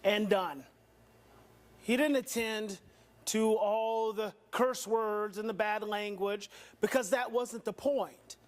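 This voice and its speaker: A man's voice: high-pitched, steady tone, slow. A male seminar presenter talks parents and staff through a clip. He explains patiently and keeps posing questions back to the room. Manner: explanatory, asks the audience rhetorical questions. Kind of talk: teaching seminar commentary.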